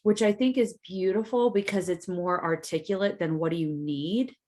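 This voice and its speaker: A woman co-hosting a podcast, talking thoughtfully and emotionally, pausing to search for her words. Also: fairly low pitch, mellow. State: emotional, near tears. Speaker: podcast co-host. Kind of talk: reflective casual conversation.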